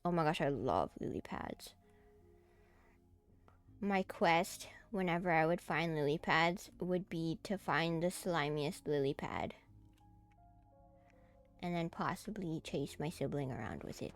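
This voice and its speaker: A woman's voice: sits low, a little slow, pauses often, faint music behind. A woman streamer chatting casually as she plays a game, easily startled and giggly. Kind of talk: casual gameplay commentary.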